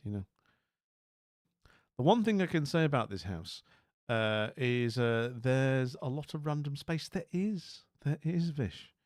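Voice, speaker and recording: With a mid-range voice, a man chats to his stream viewers, bemused and rambling, constantly restarting and drifting into asides. It's a dry recording of studio quality.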